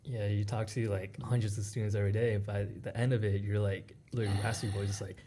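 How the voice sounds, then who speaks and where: A man's voice: lowish voice, little pitch movement, quick pace, dark tone. A man guesting on a casual interview podcast, easygoing and laughing often. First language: Vietnamese heritage speaker. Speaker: guest, college outreach director.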